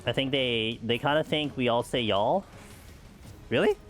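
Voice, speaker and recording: A man from the United States streams a game over soft background music, speaking a little fast in a medium-pitched, slightly bright voice. He chats casually with viewers in a meandering way, saying "like" and "you know" a lot.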